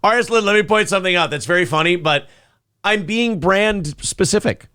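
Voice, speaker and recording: Animated male morning show host. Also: high voice, fairly quick, clear, resonant tone, no echo, studio quality. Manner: animated, opinionated, profane. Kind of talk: casual show banter, reacting to a clip.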